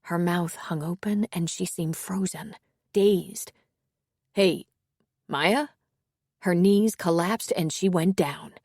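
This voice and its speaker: A woman narrating an audiobook in an even, measured reading. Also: lowish voice, no echo, studio quality. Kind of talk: scripted narration.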